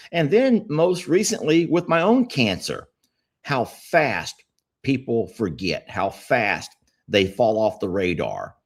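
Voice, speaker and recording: A man, co-hosting a casual podcast chat and telling rambling stories. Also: low voice. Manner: rambling storytelling, easygoing. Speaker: podcast co-host.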